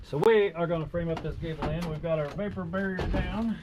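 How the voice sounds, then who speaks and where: A man's voice: on the high side, fairly quick. A young man, a carpenter, chatting and cracking jokes while he works, explaining things casually. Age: young adult. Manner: joking, easygoing, explains as he works. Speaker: carpenter and vlog host. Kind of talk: casual on-the-job vlog chat. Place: outdoors on a cold construction site by a river. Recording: outdoor noise, loud work-site ambience.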